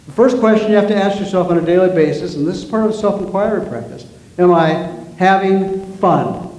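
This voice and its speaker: A man's voice: high voice, racing, mellow. A man, a guest minister and author, preaching a sermon in a conversational way, repeating himself and asking the congregation questions, in a church sanctuary. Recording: roomy church sanctuary, faint noise.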